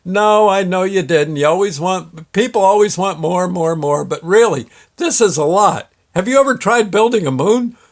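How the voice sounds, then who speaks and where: A man's voice: sits high, lively intonation, normal speed, hardly any pauses. A man voicing God as a folksy, kindly father who scolds with homespun exclamations. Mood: patient.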